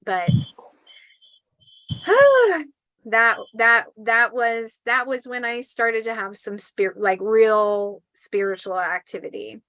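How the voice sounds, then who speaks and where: A woman in her forties telling a spooky personal story in a casual, animated way, swearing and acting out the quotes. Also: fairly high pitch, slow, dry recording, poor audio.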